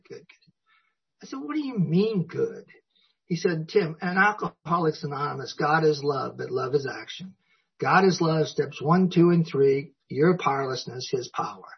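Older male speaker, folksy storyteller, breathy voice, a bit high. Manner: folksy storytelling, acts out dialogue. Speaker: recovery meeting speaker. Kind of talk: personal recovery talk. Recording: dull lo-fi recording.

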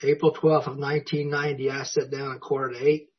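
Husky-voiced man telling his story. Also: mid-range voice, little pitch movement, quick pace. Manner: folksy, self-mocking storyteller who chuckles often. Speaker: recovery meeting speaker. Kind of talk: personal story told to an audience. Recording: dull lo-fi recording.

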